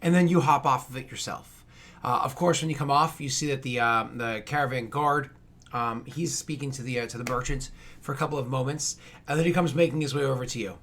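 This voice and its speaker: A man's voice: mid-range voice, fairly quick, a bit bright. A man in his thirties narrating a tabletop game as game master, loose and rambling with many fillers and restarts.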